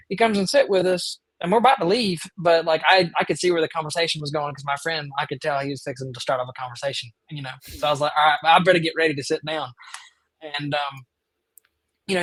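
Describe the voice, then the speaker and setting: A man's voice: fairly high pitch, fast, fairly bright tone, dry recording, poor audio. A man hosting a podcast, telling a story in casual chat, rambling and eager with lots of fillers. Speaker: podcast host.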